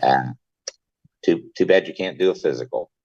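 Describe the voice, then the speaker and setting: A man with an extremely deep voice asks a question at an online meeting, hesitant and stammering. His audio is dull and lo-fi. The sound is dry. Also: normal speed, a little mellow, dry recording. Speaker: parliament member.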